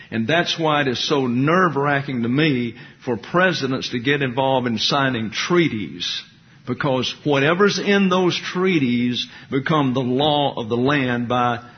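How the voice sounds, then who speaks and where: A man's voice: medium pitch, dull audio. A man giving a history lecture, reading passages and adding conversational, opinionated asides. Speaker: teacher.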